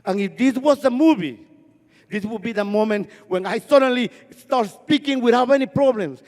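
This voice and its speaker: A high, mellow male voice, telling a personal story on a festival stage. He builds rhythm through repetition and has a stutter. A long hall reverb hangs behind each line. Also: animated, moderate pace. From Guatemala. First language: Spanish.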